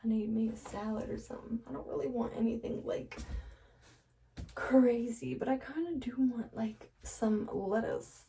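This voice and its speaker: A woman's voice: fairly high pitch, normal speed, vocal fry, mellow, far from the mic, a little hiss or hum, low-quality recording. A woman vlogger chatting nervously to the camera while she dyes her hair, laughing often. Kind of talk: casual chat to camera while dyeing hair. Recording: voice a bit off-mic.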